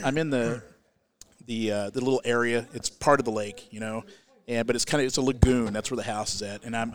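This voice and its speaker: Older man telling a wild comic story. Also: mid-range voice. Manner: animated, frequent restarts, rises loud at the punchlines.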